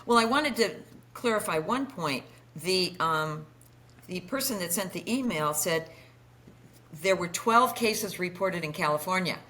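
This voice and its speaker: A woman hosting a pet podcast, backing her guest with quick affirmations and follow-up points. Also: on the low side, lively intonation, pushed and bright. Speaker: podcast host. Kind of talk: podcast interview.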